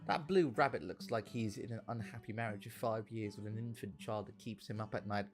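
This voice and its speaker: A man chatting on a gaming stream, telling rambling stories in an animated way and swearing a lot. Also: lowish voice, fairly quick, soft background music. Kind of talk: casual gaming stream chat.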